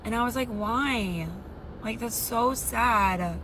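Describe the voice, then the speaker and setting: A woman's voice: fairly high pitch, slow, background noise. A woman rambling about her love life in a video filmed in her car, heavy on fillers and incredulous. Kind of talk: social media story clip.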